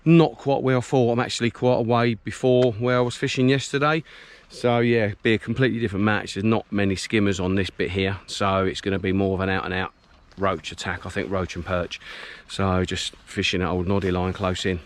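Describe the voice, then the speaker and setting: A man's voice: lowish voice, level tone, brisk, few pauses. A middle-aged man chatting casually to a handheld camera about his fishing setup, with lots of ums and restarts, outdoors on a reservoir bank. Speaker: match angler filming his day. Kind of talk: casual vlog commentary. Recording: loud wind noise outdoors.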